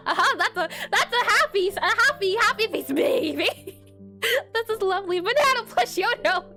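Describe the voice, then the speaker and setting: A woman's voice: very high-pitched, lively intonation, normal speed, sharp tone, faint music behind. A young woman streaming as she reviews viewer art, bubbly and giggly, repeating her praise. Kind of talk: casual livestream commentary.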